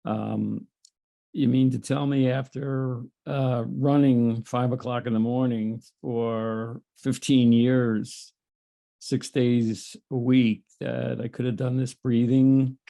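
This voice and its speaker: Man, gravelly, slow, mellow tone, gentle humor, halting, video call. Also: medium pitch, flat delivery. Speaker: group member. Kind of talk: casual video call chat.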